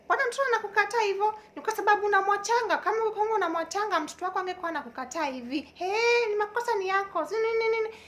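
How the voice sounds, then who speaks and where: A woman voicing nosy middle-aged church women who scold her in a shrill, rapid, accusing way. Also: a bit bright.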